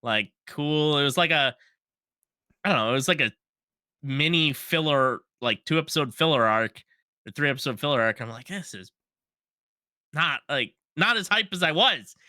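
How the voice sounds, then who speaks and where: Podcast co-host, male, very bright voice, dry close sound, animated storyteller. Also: a little high, moderate pace, dry recording. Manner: animated storyteller, acts out his own reactions; laughs often. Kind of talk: casual chat.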